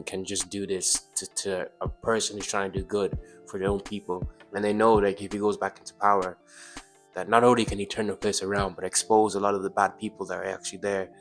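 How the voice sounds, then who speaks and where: A man's voice: fairly low pitch, little pitch movement, a little fast, a bit bright, soft background music. A young man talking as a guest on a casual podcast, hesitant, stumbling and repeating words.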